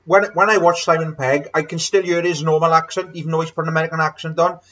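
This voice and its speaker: A man's voice: on the high side, steady tone, fast talker, fairly bright tone. Earnest man, dull sound. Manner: earnest, repeats himself, apologetic. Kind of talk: casual chat.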